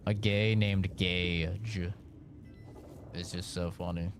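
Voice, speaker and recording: A man's voice: deep voice, fairly even intonation, slow pace. A man, a streamer chatting casually with viewers, rambling and swearing freely, with faint background noise. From United States.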